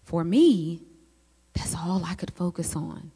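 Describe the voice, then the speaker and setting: A woman, a psychologist giving a teaching talk to a group of women, telling lively personal stories and speaking straight to her listeners. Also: lowish voice, takes it slowly, slightly rough. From United States. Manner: lively storyteller who speaks straight to the audience. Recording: long hall reverb.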